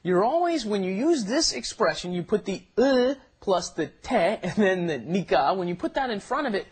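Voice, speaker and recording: A man's voice: high-pitched, sing-song, a little fast, slightly rough. A man co-hosting a casual language lesson who explains grammar in a chatty way and keeps checking in with "right?". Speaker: co-host.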